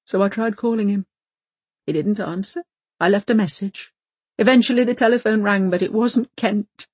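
A woman's voice: medium pitch, moderate pace, darkish tone, breathy edge, no echo, voice pushed up, lightly acted. A woman reading an audiobook voices a prim, fussy older wife who speaks in precise, insistent, formal phrases. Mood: hurt.

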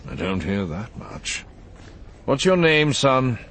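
A man's voice: medium pitch, very animated, takes it slowly, fairly bright tone, slight background noise, voice pushed up. A man voicing a bored older male recruiting officer, clipped and dry, in an audiobook reading.

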